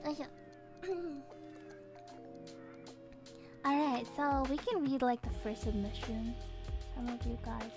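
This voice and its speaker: A woman's voice: sits high, steady tone, slow pace, pauses often. A woman, reading a viewer's horror story on a live stream, playful and breaking in with laughing comments. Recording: reverb effect added, faint background music.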